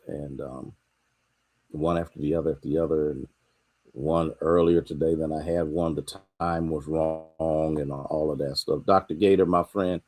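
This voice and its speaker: A man's voice: deep voice, a little mellow. A man with an American accent, a pastor giving a casual, conversational midweek sermon on a livestream, greeting online viewers by name.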